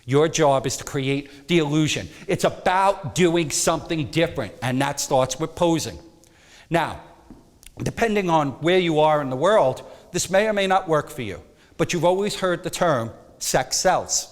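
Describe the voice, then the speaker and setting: A man teaching a photography workshop, emphatic and animated, sometimes dropping to a soft coaxing tone. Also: fairly high pitch, normal speed, long reverb tail. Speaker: photography instructor.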